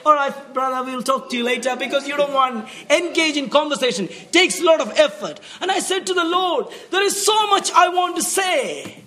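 A man from India with an Indian accent, telling an earnest, emotional faith testimony as a missionary brother, often laughing, then dropping soft and low.

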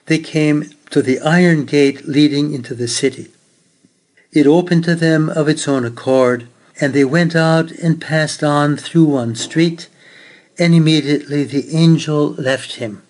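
Slow, earnest male preacher. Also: a little high. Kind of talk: sermon with story and scripture reading.

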